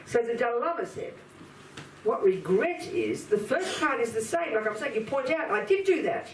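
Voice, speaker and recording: A woman giving a Buddhist dharma teaching in an emphatic, animated way, acting out inner voices as she explains. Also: fairly high pitch, moderate pace, noisy background. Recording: echoey room, speaker far from mic, faint ambience.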